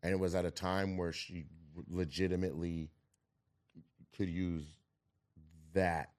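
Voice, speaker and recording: A man in casual chat, speaking reflectively and pausing to search for his words as he asks his guest questions. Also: sits low, level tone, darkish tone.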